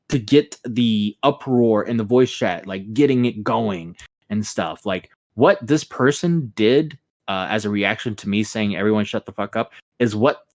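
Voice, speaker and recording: Blunt, profane male podcast host. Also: medium pitch. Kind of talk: casual podcast chat.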